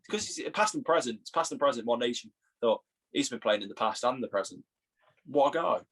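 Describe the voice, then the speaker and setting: Husky young Englishman, jokey banter. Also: medium pitch, expressive, fairly bright tone. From England. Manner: jokey, teasing, quick to laugh. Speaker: podcast co-host. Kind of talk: casual banter.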